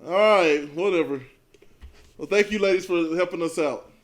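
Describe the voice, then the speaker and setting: A man co-hosts a casual podcast. His voice sits a little on the high side. He jokes loosely and keeps things easygoing. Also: moderate pace. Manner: joking, easygoing, talks to his family while hosting. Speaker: podcast co-host. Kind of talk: casual chat.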